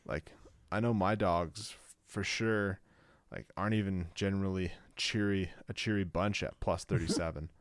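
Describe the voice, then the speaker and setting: Low-voiced rambling man. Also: steady tone, moderate pace, dry recording. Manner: rambling, full of "like" and restarts. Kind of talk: casual chat.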